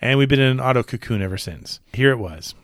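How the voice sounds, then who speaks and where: A man's voice: medium pitch, animated, quick pace. A man co-hosting a podcast at home, chatting casually in a jokey, rambling, self-deprecating way. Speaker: podcast co-host. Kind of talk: casual chat. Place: home room.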